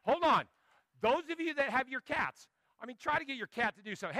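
A man preaching a sermon as pastor, telling animated stories and joking with the congregation. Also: very high-pitched, a little fast, no echo.

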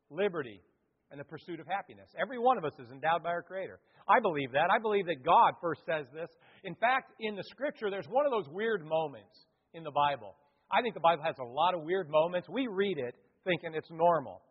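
High-voiced pastor in an echoey hall. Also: male voice, breathy edge. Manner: conversational, animated, acts out quotes and sings. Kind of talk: sermon. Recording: echoey hall, thin phone-like sound.

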